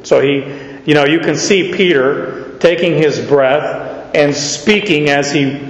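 A man preaching an expository sermon to a congregation, speaking slowly and deliberately and joking with his listeners. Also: a little high. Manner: slow, deliberate, jokes with the audience. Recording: echoey hall, slightly dull.

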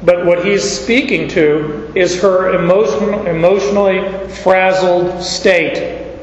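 A man's voice: high-pitched, steady tone, slow, slight background noise. A man preaching a sermon, explaining scripture in a folksy way with stories from his own life. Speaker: pastor. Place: large church hall. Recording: echoey dull church hall recording.

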